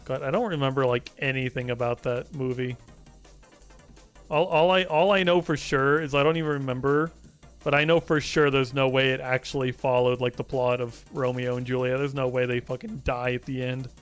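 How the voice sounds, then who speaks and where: A man's voice: mid-range voice, steady tone, normal speed, clear, resonant tone, soft background music. A young man streaming live, chatting casually, teasing and swearing as he rambles.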